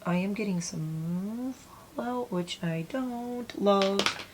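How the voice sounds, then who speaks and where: Speaking slowly in a mid-range voice over background noise, a woman in her forties from the United States does her makeup on camera. The beauty vlogger's get-ready-with-me chat is casual, meandering, and self-deprecating.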